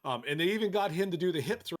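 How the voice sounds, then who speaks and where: A man's voice: high-pitched, animated, racing. A man co-hosting a casual podcast over a call, telling stories in a laid-back way and laughing often. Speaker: podcast co-host. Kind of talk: casual chat. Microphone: remote call.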